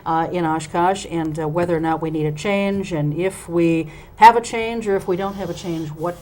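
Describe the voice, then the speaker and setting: A woman's voice: fairly low pitch, normal speed, a little mellow, rough recording. Chatty woman host with filler words. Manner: chatty, filler-heavy, laughs at herself. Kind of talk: local TV interview.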